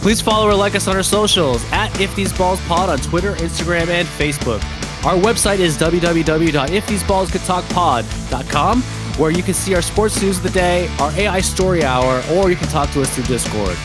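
A man's voice: high voice, fairly quick, music in the background. A man hosting a podcast and reading the closing sign-off. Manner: joking, reads the sign-off. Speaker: host. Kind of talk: casual podcast chat.

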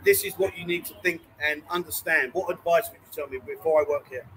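A man with a high, bright voice chats easily as host of a live stream from a bar, joking with the people around him and calling them mate and darling. A light hiss and soft bar ambience sit behind him. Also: steady tone, fast talker, rough recording. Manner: chatty, jokey, calls people mate and darling. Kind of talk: casual live-stream chat.

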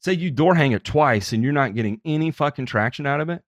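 A man hosting a podcast, telling stories in a casual, profane and animated way. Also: on the high side, quick pace, no echo.

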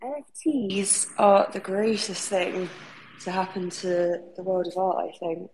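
A woman's voice: medium pitch, steady tone, a little slow, a little mellow, slight background noise. A young woman with a British accent, raised in Bahrain, chatting casually as a guest artist, laughing easily and swearing freely. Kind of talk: casual chat.

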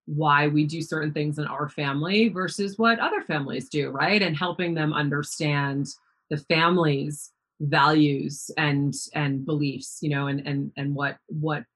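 Husky-voiced woman host, low and thoughtful. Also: steady tone, a little slow, a bit bright. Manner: thoughtful, searching questions with many "you know"s. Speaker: podcast host. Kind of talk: conversational interview.

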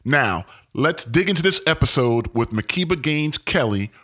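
A man's voice: medium pitch, lively intonation, moderate pace, fairly bright tone. A man in his forties from Maryland hosting a renovation podcast, upbeat and emphatic, repeating words for effect. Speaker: podcast host. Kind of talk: podcast intro and interview.

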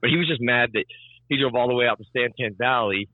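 Dude ranting through a story, curses a lot, kinda muffled dry sound. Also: male voice, mid-range voice, fast talker, no echo. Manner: animated storytelling, swears freely, acts out both sides. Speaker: storyteller on a podcast. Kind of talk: casual chat.

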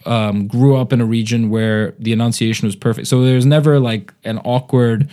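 Mellow-voiced American man chatting. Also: mid-range voice, fairly even intonation, normal speed. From United States, Indian family. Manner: thoughtful, rambling with frequent fillers. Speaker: podcast host and comedian. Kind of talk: casual chat.

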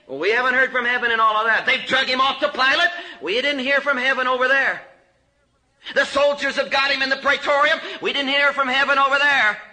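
A man preaching a sermon with passion, swinging from loud cries to hushed low lines. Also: rough recording.

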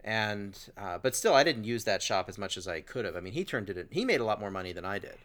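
A man's voice: fairly low pitch, animated, quick pace, fairly bright tone. A man telling a long story in casual chat, rambling along with fillers and restarts.

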